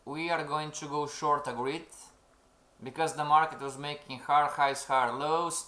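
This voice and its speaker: A man's voice: a little high, steady tone, moderate pace, sharp tone. A man giving a live-stream trading lecture, coaxing his audience and often asking if they agree. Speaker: trading instructor. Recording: roomy echo.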